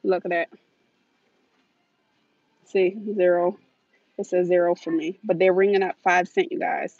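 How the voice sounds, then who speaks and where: Holding her phone as she walks through a large store, a US woman vlogs live in a chatty, scattered manner and laughs a lot. Her voice is on the low side, level and darkish, delivered a little slowly. The audio is dull, dry phone sound with no echo.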